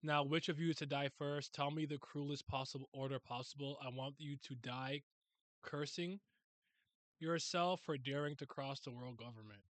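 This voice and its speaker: A man reading aloud as a cruel, cold male elder of a world government, speaking slowly and with quiet menace. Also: medium pitch, steady tone, no echo, pitched below the performer's own voice, close to an everyday voice. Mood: cold, menacing.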